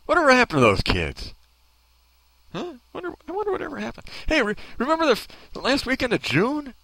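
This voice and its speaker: A man's voice: very high voice, wildly swooping pitch, a little fast, gravelly, sharp tone, dry recording. A man hosting a talk show, ranting in a sarcastic, mocking way and needling people off mic. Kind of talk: comedic opinion rant.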